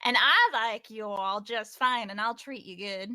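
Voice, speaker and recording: A woman's voice: a little high, a little slow, sharp tone, no room sound. A woman voicing a cheerful, childlike young woman in a tabletop game, chirpy, giggly and eager to please. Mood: earnest.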